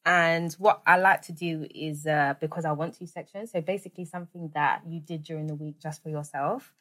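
A woman's voice: deep voice, steady tone, fairly quick, fairly bright tone. A woman hosting a podcast, chatting casually and animatedly with slang. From United Kingdom. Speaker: podcast host. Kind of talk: casual chat.

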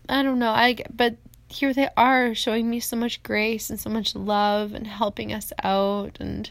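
A woman's voice: mid-range voice, fairly even intonation, normal speed, a bit bright, dry recording. Emotional woman in her forties rambling. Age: 40s. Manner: emotional, rambling, tearful at times. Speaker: podcast host. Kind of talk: off-the-cuff personal monologue. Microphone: phone held in hand.

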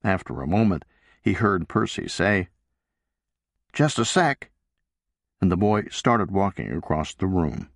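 A man reading a novel aloud as an audiobook narrator, in a measured, deliberate way. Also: low voice, animated, gravelly, no room sound, studio quality. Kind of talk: scripted narration.

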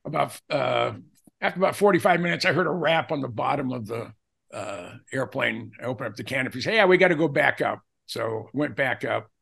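An older man telling personal anecdotes as a podcast guest, acting out the dialogue he quotes in an animated way. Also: mid-range voice, brisk, gravelly, slightly rough. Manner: animated storyteller who acts out quoted dialogue.

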